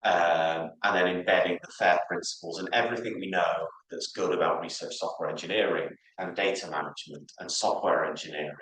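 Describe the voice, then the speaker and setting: Deep-voiced guy wrapping up a conference talk, casual, echoey room. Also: steady tone, a little fast, hardly any pauses, fairly bright tone. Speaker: conference speaker.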